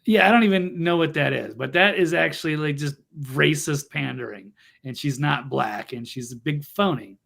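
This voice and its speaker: A man's voice: a little high, normal speed, creaky, hardly any pauses, fairly bright tone. A man co-hosting a casual political talk show, blunt and scornful in his remarks over a video call. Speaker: co-host.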